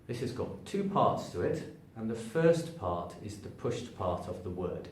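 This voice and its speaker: This spoken English lesson comes from a man talking a little slowly with hardly any pauses, stretching and stressing words to illustrate pronunciation, his pitch lively and changing. He stands before a sign and steps toward and away from a faraway camera, and the echoey room leaves his voice distant with faint background noise.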